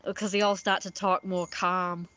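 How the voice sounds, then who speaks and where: A woman's voice: lowish voice, level tone, normal speed, pushed and bright. A woman giving casual live-stream commentary, rambling and often repeating herself with filler words.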